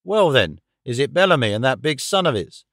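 A man's voice: medium pitch, big pitch swings, fairly quick, a bit bright, no echo, studio quality. A man reading an audiobook, voicing a blunt and doubtful middle-aged police inspector who probes and questions. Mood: skeptical. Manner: skeptical and probing.

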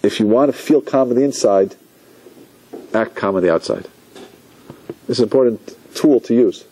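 His husky, medium-pitched voice moves at an ordinary pace as he teaches Torah as a rabbi. Lively and expressive, he performs the thoughts and spoken lines of the figures in his examples.

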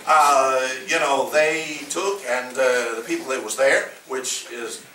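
A man's voice: mid-range voice, steady tone, slow pace, pushed and bright, a little hiss or hum. An older man with a Southern US accent preaching a sermon, telling stories in a rambling, folksy way with many fillers. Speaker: pastor. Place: church. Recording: echoey room from a distance.

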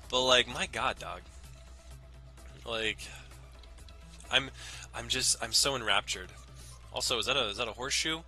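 A man's voice: medium pitch, pushed and bright. A young man casually commenting on his gameplay in a rambling, jokey way, swearing often. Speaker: let's play host. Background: faint game music.

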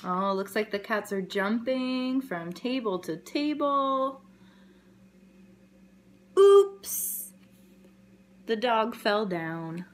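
Slow, gentle woman reading a picture book aloud. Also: medium pitch, slight background noise. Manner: gentle, expressive storytelling with sound effects. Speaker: early childhood educator.

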